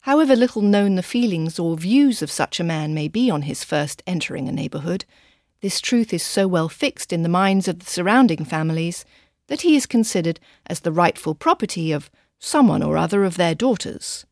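Expressive woman reading audiobooks. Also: on the low side, moderate pace, no room sound, clean studio sound. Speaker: audiobook reader. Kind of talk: audiobook narration.

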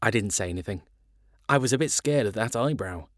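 A man reading children's stories aloud in a playful, animated way. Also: on the low side, fairly quick, dry recording, studio quality. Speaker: reader.

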